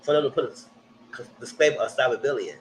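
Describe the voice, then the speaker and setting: Blunt, animated man recapping TV. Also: fairly quick, a little hiss or hum, low-quality recording. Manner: animated, jumps high when quoting people; blunt, slangy, opinionated. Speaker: TV recap streamer. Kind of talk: live casual TV recap commentary.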